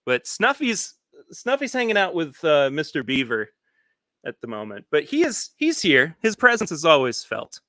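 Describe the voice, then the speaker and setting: A man chats casually as host of a live stream from his home studio, his voice bright and forward. He rambles and restarts his sentences as he goes, reading viewer comments aloud. The sound is dry, with the room barely heard. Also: fairly high pitch, wildly swooping pitch, moderate pace, dry recording. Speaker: podcast host.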